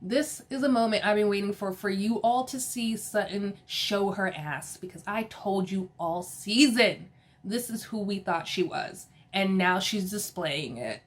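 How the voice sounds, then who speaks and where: A woman recapping a reality show in a casual, opinionated way, animated and sassy, often laughing and quoting people in exasperated voices. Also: mid-range voice, measured pace.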